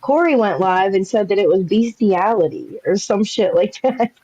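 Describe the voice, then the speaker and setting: A woman's voice: mid-range voice, normal speed, mellow, no echo, muffled recording. A woman on a casual online panel talking bluntly, swearing and laughing as she tells what happened. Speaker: panel guest. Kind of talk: casual chat.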